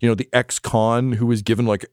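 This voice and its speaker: A man's voice: medium pitch, flat delivery, a little fast, darkish tone, dry recording, clean studio sound. A man narrating as game master in a casual, swearing style with many fillers.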